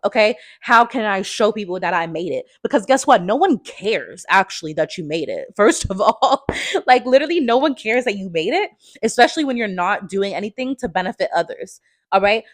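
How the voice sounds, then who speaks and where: A woman in her twenties giving an emphatic, fervent motivational talk into a phone, often tagging her points with a quick question. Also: medium pitch, no echo, studio quality. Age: 20s. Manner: emphatic and fervent, tags lines with "okay?". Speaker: motivational speaker.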